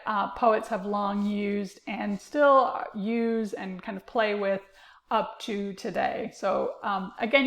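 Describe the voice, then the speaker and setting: Woman lecturing with a gravelly, echoey voice. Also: medium pitch. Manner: explanatory, many fillers like uh and um. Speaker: literature teacher. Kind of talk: recorded lecture.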